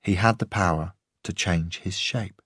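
Wren is a sharp, eager young policewoman, brisk and teasing, quick to insist on getting her way, as a male narrator voices her. The voice sits a bit higher than his own but keeps a husky grain. It is close and dry, an audiobook read. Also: dry recording, exaggerated voice. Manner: brisk, self-satisfied, insistent.

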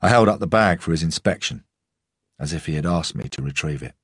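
A man reading a crime story aloud as a first-person narrator, in a measured, tense storytelling manner. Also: extremely low pitch, animated, breathy edge, dry recording, studio quality. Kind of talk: scripted audiobook narration.

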